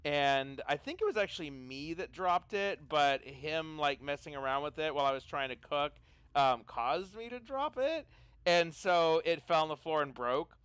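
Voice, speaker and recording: A man's voice: a little high, animated, moderate pace, a bit bright, clear, resonant tone, no room sound. A man playing in an online tabletop game, chatting and telling rambling stories between turns. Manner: rambling anecdotal storyteller. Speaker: player. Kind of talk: casual chat during a tabletop game.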